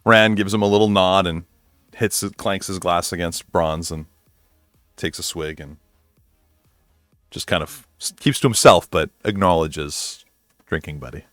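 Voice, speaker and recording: A man's voice: low-pitched, a little slow, long pauses, fairly bright tone, dry recording, clean studio sound, soft background music. A man casually narrating his character's actions in a tabletop role-play game, trailing off at the ends of phrases. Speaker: player.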